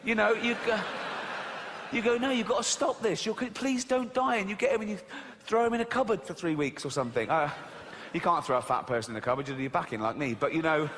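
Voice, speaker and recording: English man, stand-up rant, high lively bright voice, long hall reverb. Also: quick pace, slight background noise. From England. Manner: ranting, mock-indignant, giggling at his own jokes. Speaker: comedian. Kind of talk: stand-up comedy routine.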